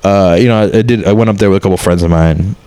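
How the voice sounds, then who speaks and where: A man's voice: sits low, fast talker, mellow, clean tone. A man in his thirties, a comedian, talking candidly and rambling in a casual chat, swearing often.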